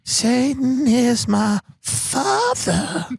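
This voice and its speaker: A brooding young female pop star voiced by a man murmurs in a slow, dreamy, ominous hush. The voice sits well above a man's usual pitch. The sound is close and dry. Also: big pitch swings, gravelly, slightly rough, dry recording, full character voice.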